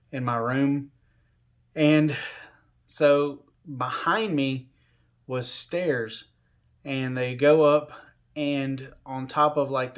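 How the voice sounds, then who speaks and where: A man recounting a personal experience in a loose, rambling way, with plenty of "you know" and "like." His voice sits at a middling pitch for a man. The delivery is everyday and unpolished. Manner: rambling, filler-heavy, conversational. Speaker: storyteller. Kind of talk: casual spoken storytelling.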